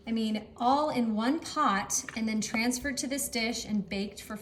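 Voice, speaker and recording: A woman hosts a casual cooking demo in her home kitchen, chatting enthusiastically with her partner off camera. Her voice is on the high side and a little slow, and there's background noise.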